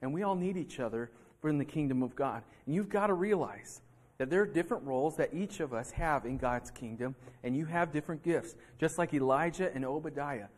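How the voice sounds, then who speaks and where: A man's voice: fairly high pitch, a little fast. A male pastor delivering a sermon in a church, acting out heated arguments between people. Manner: animated preaching, acting out heated quotes. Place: church sanctuary.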